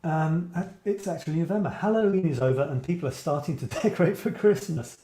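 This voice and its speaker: Man, writing coach, live-stream chat, warm relaxed tone, rambling, roomy echo. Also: a little high, quick pace. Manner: rambling, musing aloud, reacting to viewers' posts. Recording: echoey room.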